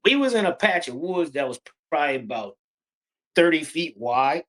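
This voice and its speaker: Middle-aged guy telling his creepy woods story, kinda breathless and halting, pitch jumps all over. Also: big pitch swings, fairly bright tone. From Pennsylvania, USA. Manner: breathless, halting, vivid recounting. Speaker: guest telling a true story. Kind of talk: animated personal storytelling.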